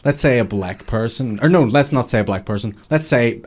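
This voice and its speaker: A man's voice: mid-range voice, lively intonation, fairly quick, a little mellow. A man co-hosting a podcast, laughing easily and reading listener comments in casual banter. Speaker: podcast co-host.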